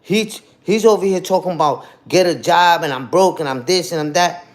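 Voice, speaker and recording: A man talks fast and loose to a live stream chat, full of street slang and rhetorical "you heard?" tags. His voice sits a little high for a man and swings up and down as he gets worked up. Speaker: livestream host. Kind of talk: casual rant to a live chat.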